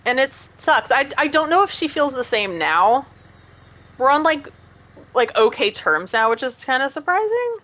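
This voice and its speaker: A woman's voice: high voice, big pitch swings, normal speed, a bit bright. A woman in her late thirties chatting casually with her stream audience, rambling from one story to the next, laughing often and going off on rants. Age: late 30s.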